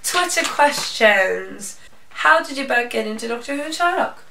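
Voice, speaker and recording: A young Norwegian woman with a Norwegian accent, reading fan questions in an excitable, chatty way. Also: on the high side, moderate pace, vocal fry, recorded from a distance, noisy background. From Norway. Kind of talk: casual Q&A chat. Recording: echoey room, off-mic.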